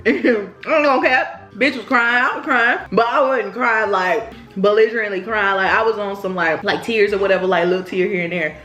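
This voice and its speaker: A woman's voice: fairly high pitch, moderate pace, bright, forceful tone, soft background music. A young woman telling a rambling story to her viewers in a casual vlog. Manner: chatty, rambling, addresses viewers directly. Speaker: vlogger. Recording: roomy echo.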